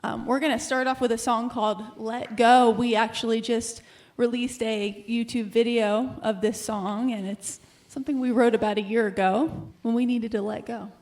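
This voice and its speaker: A woman's voice: on the high side, fairly even intonation, moderate pace, a little mellow. Chatty woman musician guest. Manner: friendly, chatty, spells out names. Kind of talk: casual introduction.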